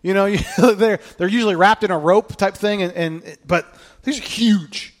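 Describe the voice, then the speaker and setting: A man preaching a sermon, telling the story in an animated way, with jokey asides and acted-out quotes. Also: sits high, normal speed. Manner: acts out the quoted lines. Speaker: pastor.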